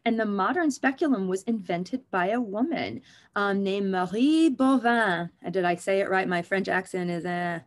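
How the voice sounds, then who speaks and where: With a mid-range voice at an ordinary pace, this interview guest, an OB/GYN, speaks openly and humorously about her medical specialty. Her manner is lively, frank, and full of jokes in a conversational exchange.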